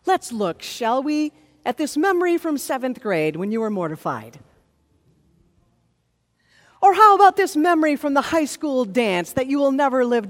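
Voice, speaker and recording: Earnest woman preaching in a reverberant hall. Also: high-pitched. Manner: earnest, builds to emphatic intensity. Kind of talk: sermon with scripture reading. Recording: long reverb of a large hall.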